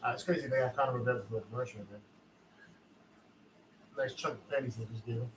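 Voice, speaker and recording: A man's voice: mid-range voice, steady tone, fast talker, slight background noise. A man co-hosting a live fight reaction show, ranting heatedly with lots of profanity and repetition. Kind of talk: casual live reaction chat.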